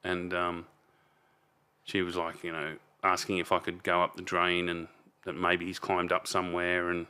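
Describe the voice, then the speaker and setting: Deep, bright-toned Australian man telling stories. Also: completely flat delivery, normal speed, smooth. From Melbourne, Australia. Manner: rambling, frequent restarts, blunt swearing. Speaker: podcast guest. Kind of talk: casual storytelling.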